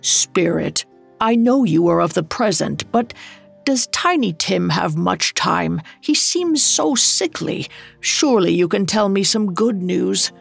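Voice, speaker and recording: A shaken old miser, played by a woman narrator in a storybook reading, hesitant and pleading. The delivery is slow and slightly gravelly, with faint music under it. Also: lowish voice, expressive, heavily acted. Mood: troubled.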